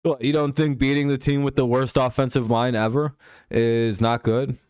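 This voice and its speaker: A man's voice: mid-range voice, level tone, moderate pace, a little mellow, clear, resonant tone, no echo, clean studio sound. A man hosting a live stream, chatting casually with viewers over a football game and joking with profanity and frequent laughs. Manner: joking, profane banter with chat, laughs often. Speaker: livestream host.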